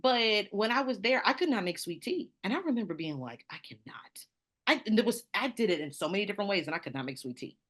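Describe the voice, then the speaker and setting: A woman author with a Southern American accent, telling stories in an animated, laughing way during an interview. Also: medium pitch, fast talker, few pauses. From Southern United States. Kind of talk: conversational interview.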